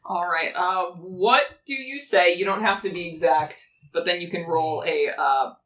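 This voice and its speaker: A woman running a tabletop game as game master, playful and quick to laugh. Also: lowish voice, a bit bright. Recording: echoey room, far from mic, faint noise.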